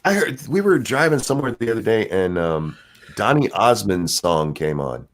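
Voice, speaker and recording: A man hosting a livestream chat, reading viewer comments aloud and swinging between loud jokes and mumbled asides. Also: on the low side, sing-song, moderate pace. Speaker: livestream show host.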